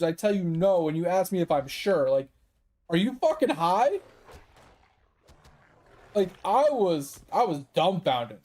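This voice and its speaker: A man's voice: sits high, expressive, measured pace, long pauses, darkish tone. A man streaming a game and telling a story in casual, profane chat, laughing often. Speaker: gaming streamer. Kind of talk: casual storytelling while gaming.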